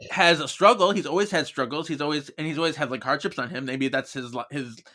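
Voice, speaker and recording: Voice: medium pitch, fast, bright, forceful tone. A podcast co-host in casual chat, agreeing with laughs and adding thoughtful asides.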